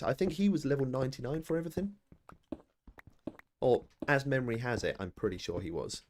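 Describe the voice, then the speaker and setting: A man's voice: medium pitch, expressive, brisk, pauses often, darkish tone, slight background noise. A British man in his thirties chatting casually to viewers during a live game stream, rambling and self-deprecating. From Britain.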